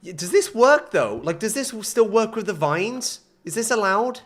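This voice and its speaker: A young man commentating his own gameplay live, excitable and self-mocking, talking to chat. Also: high voice, normal speed. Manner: excitable, self-mocking, swings between frustration and laughter. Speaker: gaming streamer.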